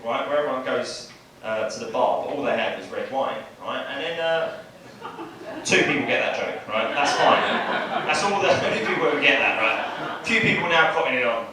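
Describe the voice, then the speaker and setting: Chatting through his stand-up set in a small comedy club, this comedian from Bexley, southeast London, tags his lines with "right?". His male voice is medium-pitched and expressive at a moderate pace, and the distant, roomy club audio carries background noise and audience laughter.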